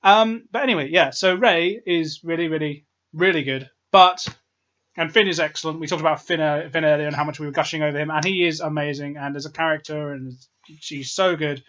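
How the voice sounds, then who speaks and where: Un uomo parla in fretta di un film, divagando ed esitando fra le sue opinioni. La voce arriva opaca, con un suono lo-fi. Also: male voice, a little high, a bit bright. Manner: quick, rambling, hedging. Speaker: film reviewer co-host. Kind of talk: casual film review chat. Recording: dull lo-fi sound.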